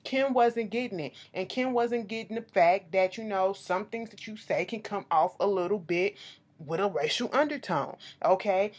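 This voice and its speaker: A woman's voice: medium pitch, moderate pace. A woman, recapping a reality show in blunt, swear-filled casual commentary, often ending points with "okay?". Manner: blunt, animated, swears freely, says okay to close points.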